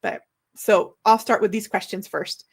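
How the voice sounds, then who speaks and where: A woman in her forties, an author hosting her own book launch livestream, chatting casually in an excited, slightly flustered way. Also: medium pitch, unhurried, husky.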